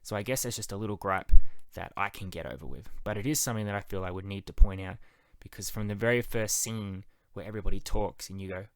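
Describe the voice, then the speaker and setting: Low-voiced man giving a casual review. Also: fast talker, few pauses, no room sound. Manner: enthusiastic, conversational. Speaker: TV show reviewer.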